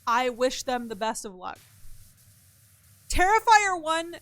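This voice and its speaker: A chatty young woman with a high, light voice, streaming a game and talking off the cuff. She swears freely and answers comments from her chat as she plays. Her talk is loose and conversational. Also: very animated, slow, a bit bright, clean tone, no echo. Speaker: gaming streamer. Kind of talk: casual chat while playing a game.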